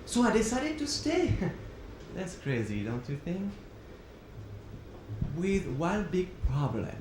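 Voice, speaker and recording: A man's voice: sits high, very animated, takes it slowly. A man from Switzerland with a French accent, performing a one-man musical comedy show with wry storytelling. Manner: wry storytelling between songs, sung tango with piano. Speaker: cabaret performer. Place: theater stage. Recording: roomy stage sound with loud piano.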